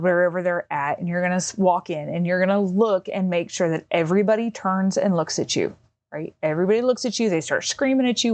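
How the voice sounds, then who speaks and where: A woman's voice: fairly low pitch, a little mellow, dry recording. A middle-aged woman, hosting a podcast and explaining a hands-on task in a rambling, casual way with many fillers. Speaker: podcast host. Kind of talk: casual instructional talk. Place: home.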